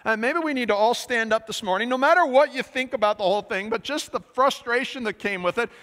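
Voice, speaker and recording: Male pastor, relaxed conversational preaching, bright slightly high voice, long church-hall reverb. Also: fast talker. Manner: conversational preaching with many fillers. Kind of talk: sermon. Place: church sanctuary.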